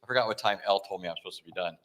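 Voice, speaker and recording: Lively man telling a story on stage. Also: low voice, racing. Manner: animated storyteller acting out dialogue; frequent self-corrections and restarts. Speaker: Christian apologetics speaker. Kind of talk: conference talk with storytelling.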